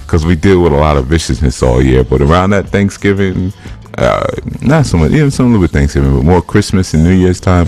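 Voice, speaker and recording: A man's voice: low-pitched, a little mellow. A man, a spiritual teacher, giving a loose, joking, conversational talk while going through slides.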